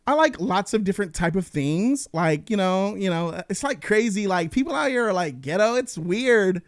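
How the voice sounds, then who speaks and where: A man's voice: sits high, lively intonation, moderate pace, no room sound, studio quality. A man putting on the voice of a chatty, superficial young valley-girl woman who drawls and fills every phrase with "like". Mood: airy. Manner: vapid drawl full of "like".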